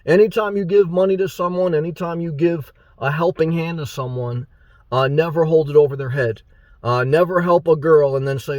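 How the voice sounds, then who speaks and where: A man's voice: on the high side, fairly even intonation, moderate pace, darkish tone, no room sound, lo-fi sound. A man giving a rambling, blunt and profane monologue to his viewers as a motivational YouTuber.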